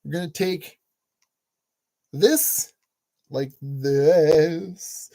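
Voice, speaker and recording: Mellow, chatty man building a toy kit. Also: high voice, slow, long pauses. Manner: chatty and jokey, talking to himself while building. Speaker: channel host giving building instructions. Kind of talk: casual build tutorial narration.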